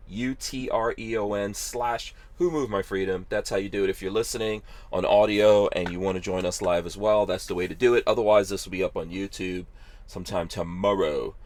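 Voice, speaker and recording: A man's voice: fairly low pitch, darkish tone, no room sound. A man hosting a live podcast from his car, casual and joking, laughing easily with his guest. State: tired. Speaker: podcast host.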